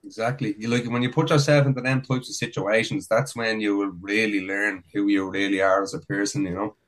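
A man's voice: fairly low pitch, level tone, fairly quick, low-quality recording. A man, a guest on a casual podcast, speaking earnestly and motivationally with many "like"s. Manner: earnest, motivational, full of fillers like "like".

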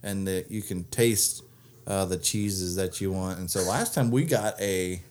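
A man's voice: deep voice, a little slow, darkish tone, slight background noise. A man co-hosting a casual chat show, telling rambling stories full of "uh" and "like". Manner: rambling storyteller, many "uh" and "like" fillers. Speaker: co-host.

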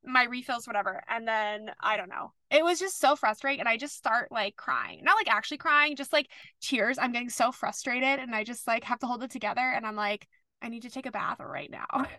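Bright, slightly high young woman co-host. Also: animated, dry recording. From California. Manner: quick reactions, giggly. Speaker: podcast co-host. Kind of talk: casual chat.

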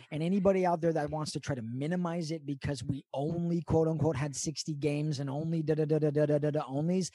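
Profane, animated podcast host man. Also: fairly high pitch, fast, hardly any pauses, no echo. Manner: animated, profane, mock-grandiose rants. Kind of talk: casual podcast banter. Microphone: remote over video call.

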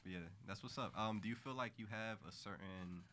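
A man hosts a casual chat, his voice very deep and bright-edged. He talks quickly in easygoing slang with lots of fillers. A faint hum sits behind him. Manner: laid-back slang, fillers. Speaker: podcast host.

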